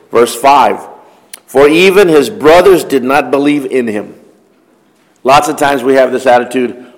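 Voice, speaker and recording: A man's voice: mid-range voice, unhurried. Man preaching in a reverberant hall. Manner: reads scripture aloud then explains it conversationally, posing questions. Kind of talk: Bible study sermon.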